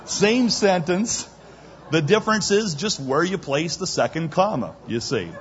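A man's voice: high-pitched, expressive, unhurried, lo-fi sound, a little hiss or hum. A man preaching a sermon, who reads scripture aloud and then retells it in everyday speech, acting out the quoted lines with drama. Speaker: pastor. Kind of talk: expository sermon.

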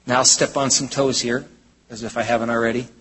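A man preaching a sermon from the United States, in an emphatic style that swings between loud exclamations and low, intense statements. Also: little pitch movement, a little fast, husky. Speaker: pastor. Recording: hall reverb.

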